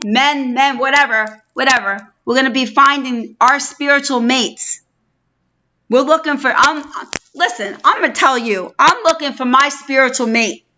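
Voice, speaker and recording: Her high, bright, forceful voice marks this middle-aged New Yorker hosting a live stream, where she chats casually and effusively with viewers by name in a New York accent. The lo-fi stream audio is dull, with slight background noise.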